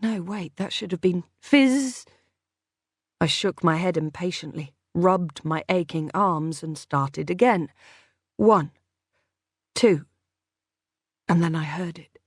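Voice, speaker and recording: A woman narrating a thriller audiobook in the first person, in measured, tense storytelling. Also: fairly low pitch, slightly rough, dry recording, studio quality.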